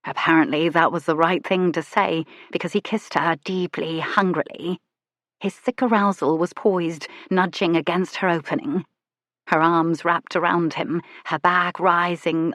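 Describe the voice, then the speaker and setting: A woman reads a historical romance audiobook in a soft, measured, intimate voice. Her voice sits fairly low and is recorded close and dry, with no room sound. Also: steady tone, no room sound. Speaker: audiobook narrator. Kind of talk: scripted romance narration.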